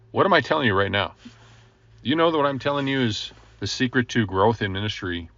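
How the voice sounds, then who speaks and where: Bright-voiced man telling a testimony. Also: mid-range voice, brisk, dry recording, lo-fi sound. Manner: earnest storytelling with chuckles and asides. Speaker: ministry coach. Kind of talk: personal testimony teaching.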